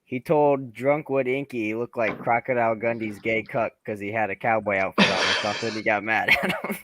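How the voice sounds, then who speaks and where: Male co-host, bright sharp tone, lively joking chat. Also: fairly low pitch, brisk, slight background noise.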